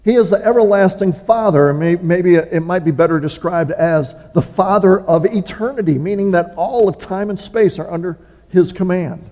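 Man pastor, sermon, earnest and measured, highish voice, long hall reverb. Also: a little mellow. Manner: earnest, with measured pauses and small restarts. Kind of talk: sermon with scripture reading. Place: church sanctuary.

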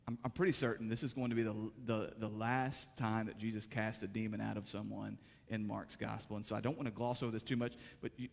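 Man preaching in an echoing hall. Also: medium pitch. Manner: builds from calm teaching to impassioned, rising preaching. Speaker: pastor. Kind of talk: sermon.

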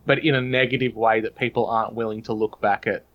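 A man's voice: lowish voice, fairly even intonation, quick pace, dull audio. A man with an Australian accent, a podcast guest talking in long, earnest, opinionated runs. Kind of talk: casual podcast chat.

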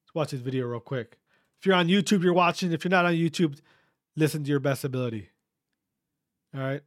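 A man's voice: a little high, a little fast. A man hosting a podcast, delivering a fiery, profane rant and repeating himself for emphasis. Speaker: podcast host.

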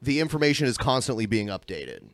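Halting man talking in a debate. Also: medium pitch, big pitch swings, dry recording. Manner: halting, repeats words, rushes when pressed. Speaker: debate panelist. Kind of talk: argumentative discussion.

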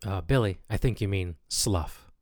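A man hosting a comedic mock radio show with deadpan, pompous announcer patter. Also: on the low side, moderate pace. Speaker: host.

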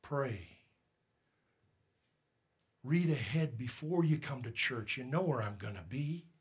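A man's voice: mid-range voice, expressive, slow pace, breathy edge. A man preaching a sermon as pastor, emphatic and direct, firing rhetorical questions at the congregation.

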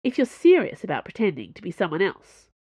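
A woman's voice: mid-range voice, wildly swooping pitch, brisk, mellow, breathy edge, no room sound, full character voice. Woman narrator doing a dry, doubtful musketeer woman; close dry storybook read. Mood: skeptical. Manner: dry, skeptical. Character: sharp, skeptical woman musketeer.

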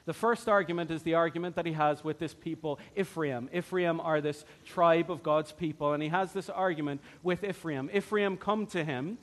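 A man's voice: fairly high pitch, steady tone, moderate pace, few pauses. A male preacher delivering a sermon, retelling a Bible story and acting out its voices.

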